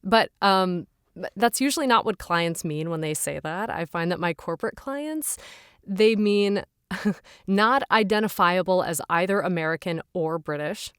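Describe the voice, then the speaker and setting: A chatty woman, a voice actor, talks casually in a podcast interview and laughs often. Her voice sits a little low. The sound is close and dry, with no room echo. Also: lively intonation, moderate pace, a bit bright, clear, resonant tone. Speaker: professional voice actor, podcast guest.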